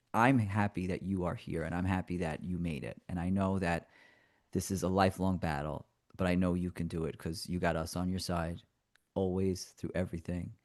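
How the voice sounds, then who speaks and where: A man in emotional casual chat, affectionate, speaking slowly and sincerely. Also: low voice. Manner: warm-hearted, affectionate, slow and sincere.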